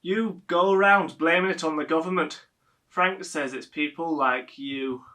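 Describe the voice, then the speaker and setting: Guy doing a chatty mum in her 70s, highish bright voice, stage monologue. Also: measured pace. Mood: defiant. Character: chatty 72-year-old mother, giddy and stubborn.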